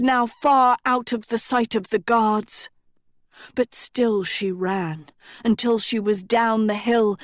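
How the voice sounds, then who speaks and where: A woman reads a storybook aloud in a steady, deliberate narration. Her voice sits a little high, and she takes her time over every phrase. The recording is dry and close. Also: no room sound. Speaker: audiobook reader. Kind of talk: scripted narration.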